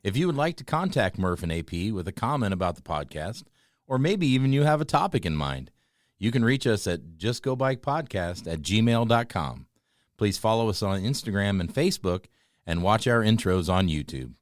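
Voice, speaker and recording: A man's voice: on the low side, big pitch swings, moderate pace, no echo. A man reading a scripted podcast outro in an upbeat announcing manner. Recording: dry mic with faint music behind.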